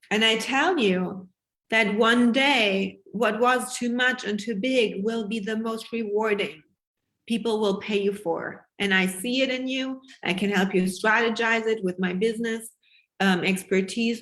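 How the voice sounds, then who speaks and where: A woman business coach giving a passionate, emphatic live sales pitch to her online group, swearing freely as she talks. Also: a bit bright.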